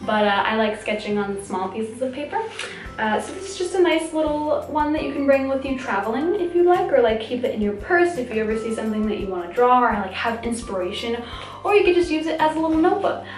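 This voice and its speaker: Young woman, chatty and giggly, somewhat high voice, roomy echo. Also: lively intonation, fast. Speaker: vlogger. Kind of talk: casual favorites vlog. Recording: echoey room, mic at a distance.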